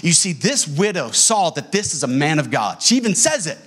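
Male pastor, fairly high husky voice, lively swooping delivery, animated sermon storytelling. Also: moderate pace. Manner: animated storytelling, acting out quoted dialogue. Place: church sanctuary.

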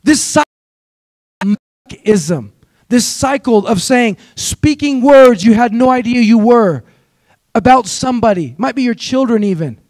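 High-voiced preaching man, dry sound. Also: animated, measured pace, no echo. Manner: exhorting, call-and-response with the congregation; storytelling with rising, shouted peaks. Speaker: pastor. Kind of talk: sermon.

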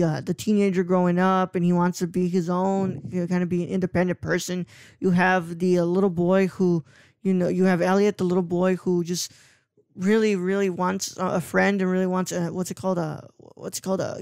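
A man's voice: sits high, clear, resonant tone, no echo, clean studio sound. A young man as a podcast guest, talking casually about a film, rambling and searching for words. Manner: rambling, repeats "what's it called", animated.

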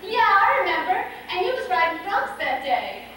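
A woman's voice: extremely high pitch, very animated, normal speed, fairly bright tone, heavily acted. A woman playing a spirited young farm girl. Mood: teasing. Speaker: stage actor. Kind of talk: amateur stage musical acting. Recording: echoey stage hall, far-off mic, background noise.

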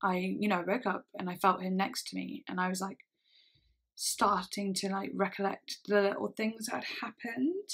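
A woman telling a personal story in a storytime vlog, speaking haltingly with frequent pauses and restarts. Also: mid-range voice, fairly even intonation, fairly bright tone, breathy edge. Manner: halting, hesitant speech with many restarts. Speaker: vlogger.

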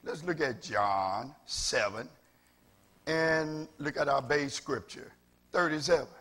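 Southern man, pastor, bright voice, slow delivery, repeats phrases, builds to loud preaching. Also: on the high side. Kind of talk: sermon. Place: church with several cameras.

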